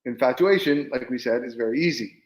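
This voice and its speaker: A middle-aged man, a rabbi, lectures in a loose, conversational way, repeating himself and tossing in emphatic asides. His voice sits at an ordinary middle pitch and carries a noticeable room echo. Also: fairly quick. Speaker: rabbi teaching a class. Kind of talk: informal lecture on marriage.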